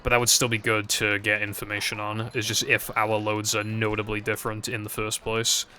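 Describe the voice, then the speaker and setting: Young man, streamer, casual rambling chat, hesitant fillers, slightly low pitch, faint background music. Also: monotone, a little fast, pushed and bright.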